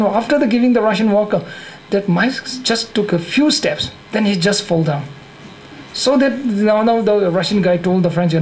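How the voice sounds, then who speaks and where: Tibetan-accented male monk, higher voice, halting and self-correcting, light laughter, faint hiss behind. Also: darkish tone, poor audio. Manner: halting, repeats and corrects himself, laughs often. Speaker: Buddhist monk teacher. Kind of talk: dharma teaching with humor. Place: teaching hall.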